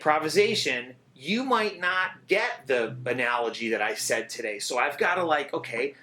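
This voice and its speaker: A middle-aged man, a drummer, talking in a casual interview, animated and swearing freely as he sings out rhythms. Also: medium pitch, moderate pace.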